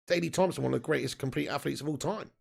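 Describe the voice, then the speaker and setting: A man in his thirties hosts a live football watch-along stream, chatting casually and reading out viewer messages. His voice has a heavy gravelly fry and sits a little high for a man. He laughs often and swears freely. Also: rapid-fire.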